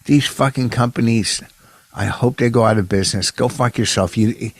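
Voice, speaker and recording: A man's voice: medium pitch, moderate pace, no echo. Older man, brash, profane, grumbling podcast banter, dry close sound. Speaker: podcast co-host. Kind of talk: casual comedic podcast banter. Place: home podcast studio.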